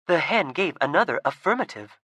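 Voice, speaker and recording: A woman narrating a fantasy audiobook with a lively, expressive reading. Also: low voice, fairly quick, dry recording. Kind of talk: storybook narration.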